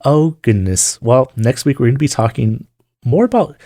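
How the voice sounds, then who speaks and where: A man's voice: mid-range voice, lively intonation, normal speed, warm tone. A man co-hosting a casual chat podcast, joking and swearing freely. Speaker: podcast co-host.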